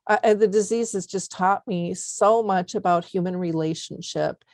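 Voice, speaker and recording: A woman's voice: fairly low pitch, normal speed, a little mellow, no room sound, studio quality. A middle-aged woman hosting an interview podcast, telling personal stories in an earnest, heartfelt way with many fillers. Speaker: podcast host. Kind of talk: conversational interview.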